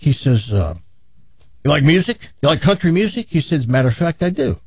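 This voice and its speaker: A man hosting a radio talk show, telling a long joke in a casual, animated way, his jaw sore after dental work. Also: medium pitch, brisk, breathy edge, dry recording, dull audio. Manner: animated joke-telling, laughs at own story.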